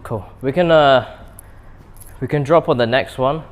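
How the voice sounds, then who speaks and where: Young British guy, gym vlogger, rambling chat between sets, middle-pitched. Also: a little slow, slight background noise. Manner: rambling, chatty, self-deprecating asides. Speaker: fitness vlogger. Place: indoor gym.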